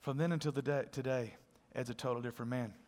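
A male pastor preaching a sermon, telling stories in an animated way and dropping to a hushed, earnest tone. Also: mid-range voice, fast, in a large hall. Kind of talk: sermon with storytelling.

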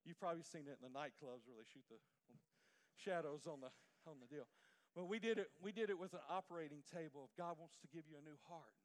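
A man preaching a sermon, swinging from loud emphatic declarations to quiet storytelling. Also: a little high, fast talker.

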